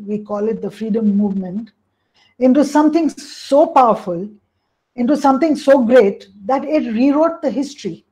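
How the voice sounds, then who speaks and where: A woman's voice: fairly high pitch, a little mellow, poor audio. A woman coach presenting a webinar on emotions, explaining at length and often saying "you know" and "hey, listen" over a call.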